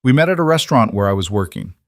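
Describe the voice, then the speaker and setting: A man doing a nervous but steady young woman. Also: fairly low pitch, rapid-fire, dry recording, clean studio sound. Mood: guarded. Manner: quiet, plain, honest. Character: nervous young working-class woman, steady under pressure.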